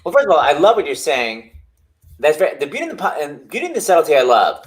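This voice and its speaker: A man hosting a video-call interview, excitable and theatrical, jumping in with quick questions. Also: a little high. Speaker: host.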